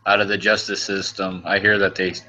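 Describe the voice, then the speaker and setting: A man's voice: low-pitched, little pitch movement, brisk, bright, forceful tone, poor audio. A man in casual voice chat, joking crudely and padding his talk with "like.". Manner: crude, laughing banter full of "like".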